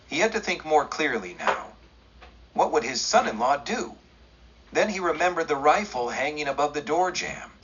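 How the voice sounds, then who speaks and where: A man reading a western audiobook aloud in a steady, measured storytelling way. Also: a little high, lo-fi sound, a little hiss or hum. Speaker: audiobook narrator.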